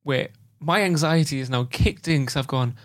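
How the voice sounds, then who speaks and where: A man's voice: a little high, normal speed. Young guy on a podcast, acts out all the voices, kinda frantic. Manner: animated, acts out quotes in panicked voices. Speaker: podcast co-host. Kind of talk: casual chat, storytelling.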